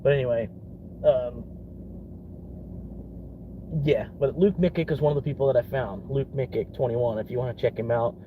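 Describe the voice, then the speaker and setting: A man's voice: medium pitch, normal speed, pauses often, narrow, tinny audio, a little hiss or hum. A young man from Florida in a casual rambling vlog, swearing often and laughing between thoughts. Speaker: vlogger.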